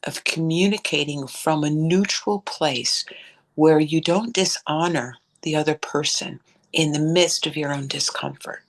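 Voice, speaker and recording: A woman co-hosting a reflective conversation, speaking in a thoughtful, measured way. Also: sits low. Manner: thoughtful, measured, spiritual vocabulary. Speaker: co-host.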